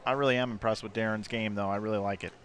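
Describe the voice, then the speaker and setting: A man's voice: lowish voice, steady tone, racing, a bit bright. A man giving live bowling commentary in a playful, joking manner. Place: bowling center. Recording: crowd noise behind.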